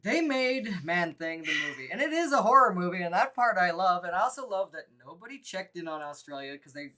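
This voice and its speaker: Woman, slightly low pitch, casual review chat, frequent laughter, co-host. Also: sing-song, a little fast, pushed and bright. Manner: laughs often, goofy and rambling. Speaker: co-host of a horror movie review show.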